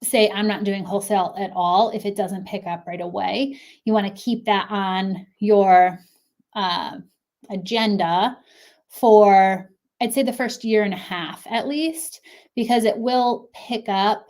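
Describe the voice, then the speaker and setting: A woman's voice: medium pitch, steady tone, slow pace, darkish tone. A woman in her thirties, a clothing brand consultant giving casual, encouraging advice to camera with lots of fillers, slightly out of breath from pregnancy. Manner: chatty, encouraging, frequent fillers.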